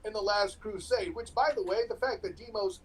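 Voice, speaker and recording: A man's voice: sits high, brisk, poor audio. A male co-host on a live comedy podcast, speaking in a casual, chatty way. His delivery is sarcastic and teasing, full of playful digs at his partner. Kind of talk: casual banter.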